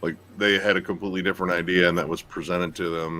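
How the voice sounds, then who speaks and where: Deep-voiced man chatting casually. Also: quick pace, a little hiss or hum. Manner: relaxed, rambling with many fillers. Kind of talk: casual chat.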